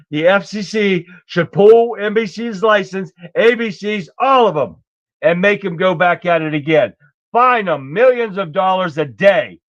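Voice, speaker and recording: A man's voice: high voice, a bit bright, no echo. A man hosting a casual political talk show, ranting bluntly with plenty of swearing. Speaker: host. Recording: dull, dry sound.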